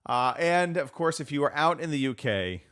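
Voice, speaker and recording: A man's voice: a little high, expressive, moderate pace, a bit bright, clear, resonant tone. A man hosting a casual live podcast, joking around and drifting off on tangents. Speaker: podcast host. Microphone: remote call setup.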